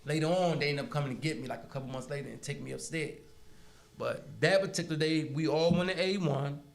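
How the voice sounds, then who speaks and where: A man's voice: on the high side, quick pace, creaky, roomy sound. A man from Harlem, New York, a guest in a casual interview, telling stories animatedly and acting out voices with frequent laughs. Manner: animated, acts out prison dialogue, laughs often.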